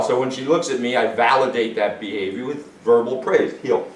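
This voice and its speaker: A man's voice: mid-range voice, normal speed, a little hiss or hum. Man training a dog, roomy distant sound. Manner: calm explanations mixed with short upbeat praise to the dog. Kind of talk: instructional demonstration. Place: indoors in a home.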